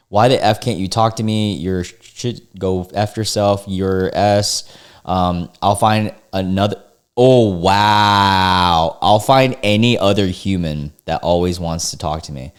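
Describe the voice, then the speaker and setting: Blunt, cursing man with a low voice. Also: smooth. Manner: blunt, swears freely, exasperated asides. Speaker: online video host reading forum posts. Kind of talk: casual reaction commentary.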